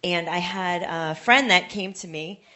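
A woman's voice: lowish voice, measured pace, sharp tone. Conversational woman sharing a testimony. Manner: conversational, light hesitations. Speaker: congregation member sharing a story. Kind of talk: casual testimony.

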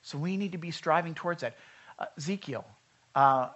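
A man's voice: fairly high pitch, fairly quick, a bit bright, highs cut off. A man preaching a sermon at a church service, talking in a loose, conversational way and putting questions to the congregation. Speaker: pastor.

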